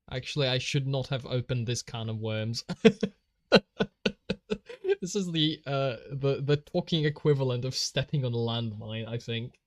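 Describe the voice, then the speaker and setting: Young Polish-accented male streamer, slow, laughs constantly, dry close sound. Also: medium pitch, dry recording. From Poland. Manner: giggly, laughs often, reads out chat. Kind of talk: casual live-stream chat while drawing.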